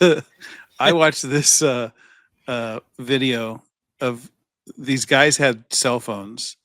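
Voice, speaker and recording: Guy on a podcast just rambling thru stories, mid pitch, doing little voices for people, dead dry sound. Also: sharp tone, dry recording. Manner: rambling storyteller, acts out quoted voices, swears, laughs often. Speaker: podcast co-host. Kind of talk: casual chat.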